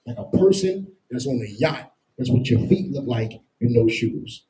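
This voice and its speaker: A man leads a street-style Bible lesson, his voice deep in tone and very dark and mellow. He talks at a moderate pitch, leaning on everyday comparisons and constant check-ins with his listeners. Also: lively intonation, normal speed, poor audio. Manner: emphatic, repeats "you understand?" constantly; explains with everyday comparisons and slang. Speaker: scripture teacher.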